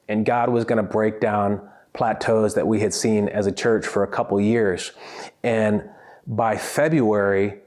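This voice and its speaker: Male pastor, earnest, slightly low voice, reflective and halting at times. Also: a little mellow. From United States. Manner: earnest, repeats words when starting sentences. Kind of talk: year-in-review reflection.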